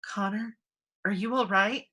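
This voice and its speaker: Worried young woman, anxious and caring, bright voice, read by a woman. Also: mid-range voice, steady tone, a little slow, husky.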